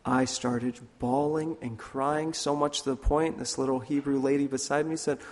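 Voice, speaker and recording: A man preaching a sermon in an earnest way, slipping into lively voices when he tells a story. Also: medium pitch, normal speed. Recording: long hall reverb.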